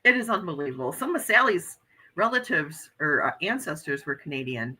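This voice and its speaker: American lady chatting on her stream, reading comments out, super bright voice. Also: low-pitched, sing-song, a little fast, slightly rough, low-quality recording. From United States. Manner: chatty, earnest, reads viewer comments aloud. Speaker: livestream host reading chat. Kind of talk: casual chat.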